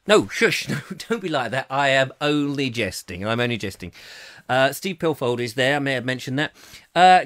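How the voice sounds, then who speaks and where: A man's voice: medium pitch, fairly bright tone. A man hosting a comic live chat show, rambling, joking and reading out viewers' comments with theatrical emphasis. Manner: chatty, jokey, theatrical emphasis, laughs at own jokes.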